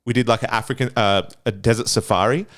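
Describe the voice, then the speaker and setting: A young man with an Australian accent tells a holiday story in casual podcast chat. He swears freely and talks in an animated, rambling way. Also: mid-range voice, fast talker. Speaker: podcast panelist.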